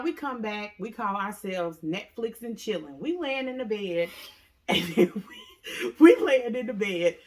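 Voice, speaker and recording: A woman casually telling a story to viewers, often calling them "y'all" and acting out what people said with big jumps in her voice. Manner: animated, acts out quotes with big pitch jumps; talks straight to viewers, says "y'all" often.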